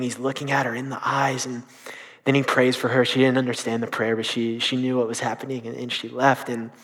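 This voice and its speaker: A young man in youth ministry telling a story during a sermon, earnest and halting, with many restarts. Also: mid-range voice, fairly bright tone.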